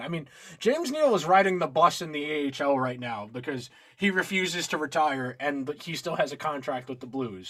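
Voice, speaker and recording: A man with a fairly high voice co-hosts a sports podcast. He states his views emphatically and assertively, with casual slang. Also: fairly bright tone. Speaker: podcast co-host.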